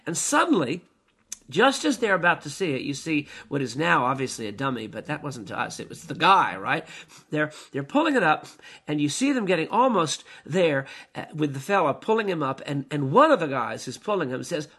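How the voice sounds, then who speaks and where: Older male storyteller, vivid and reminiscing, bright, pushed tone. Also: on the high side, big pitch swings, moderate pace, slightly rough. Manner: reminiscent, vivid, acts out scenes. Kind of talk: personal storytelling.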